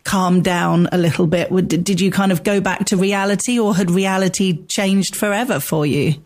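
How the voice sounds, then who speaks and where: A woman interviewing a guest, asking questions gently and a little hesitantly. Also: fairly low pitch, normal speed. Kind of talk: conversational interview.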